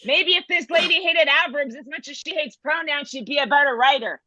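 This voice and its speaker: A woman's voice: high voice, fairly quick, bright, forceful tone, no echo, highs cut off. A middle-aged woman doing a brash, punchy stand-up comedy bit on a video call. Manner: brash, punchy joke delivery.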